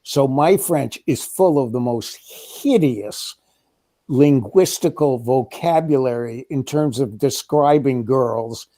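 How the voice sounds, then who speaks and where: A man in a casual political chat, talking in a wry, measured, sardonic way. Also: mid-range voice, warm tone. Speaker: co-host.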